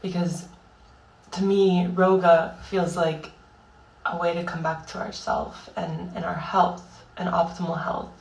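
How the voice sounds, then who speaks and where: Tearful young woman, slow halting vlog delivery, lowish voice, roomy distant sound. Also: level tone, creaky, darkish tone. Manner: halting and raw, heavy swearing, many fillers. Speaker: vlogger. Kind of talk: emotional personal monologue.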